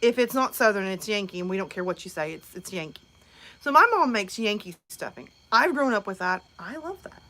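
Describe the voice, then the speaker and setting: A woman's voice: medium pitch, expressive, fairly quick, bright, forceful tone. A woman in her thirties hosting a casual live stream from home, chatting and answering viewers' comments.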